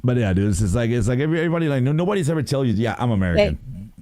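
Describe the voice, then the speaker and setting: A medium-pitched man races through a rant as co-host of a casual podcast discussion. He's animated, profane and rambling, packing in plenty of fillers, with no room sound on the recording.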